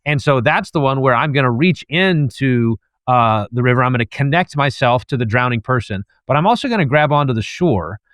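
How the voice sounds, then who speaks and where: A man's voice: mid-range voice, animated, brisk, few pauses, fairly bright tone, clear, resonant tone, dry recording. Thoughtful man explaining step by step. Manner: thoughtful, lays out ideas step by step. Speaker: guest author and professor. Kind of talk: explaining an analogy in a discussion.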